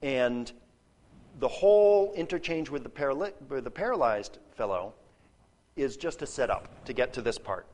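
A man's voice: medium pitch, animated, normal speed, darkish tone. A man giving a spoken lesson on a Bible passage. He explains as he goes, restarts and repeats words while he thinks, and checks in with "okay?" and "right?". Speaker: Bible teacher.

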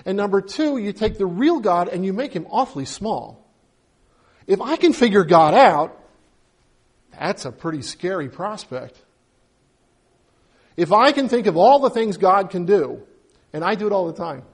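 High-voiced man preaching conversationally. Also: big pitch swings, unhurried, pauses often, husky. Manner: conversational preaching, acts out little dialogues. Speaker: pastor. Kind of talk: sermon.

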